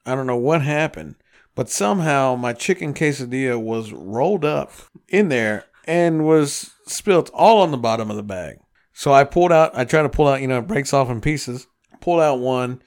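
A man telling a rambling road-trip story in casual podcast chat, swearing freely and acting out the voices of everyone involved. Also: mid-range voice. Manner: profane, animated storyteller acting out dialogue.

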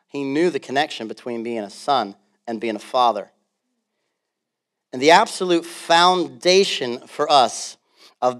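A man preaching a sermon as pastor, telling stories with laughter and acting out quotes. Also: mid-range voice. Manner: animated storytelling with laughs and acted-out quotes.

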